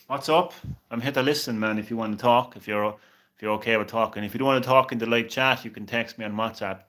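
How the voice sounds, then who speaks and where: A young man streaming games live talks casually and reassuringly with a viewer, often saying "man" and stumbling over repeated words. His mid-range voice has fairly even intonation and a fairly bright tone, and he speaks fast.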